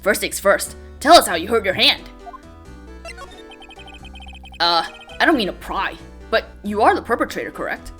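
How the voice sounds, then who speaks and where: A dry, probing young male defense lawyer, read by a woman in her own lower, quieter voice. The questions come flat and understated. Soft game music sits faintly behind. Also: brisk. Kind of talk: reading game dialogue aloud.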